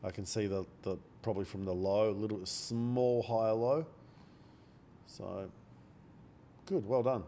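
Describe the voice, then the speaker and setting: A man with a cold, talking quietly and bluntly into a close microphone during a day-trading live stream, swearing now and then. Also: fairly low pitch, fairly even intonation, unhurried, long pauses, a little hiss or hum. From Australia. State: has a cold. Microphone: microphone held very close.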